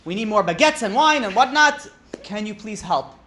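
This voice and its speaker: A man putting on the voice of a proud Frenchman, halting and fumbling in a mock-French manner, higher and louder than his own talk. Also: animated, a little hiss or hum. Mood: pleading. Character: proud Frenchman begging charity for a wedding.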